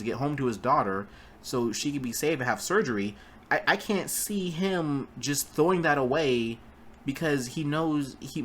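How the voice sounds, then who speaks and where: A man's voice: medium pitch, a bit bright, a little hiss or hum. A man giving a casual spoken film review, rambling with stumbling restarts and blunt, profane remarks. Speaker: movie reviewer.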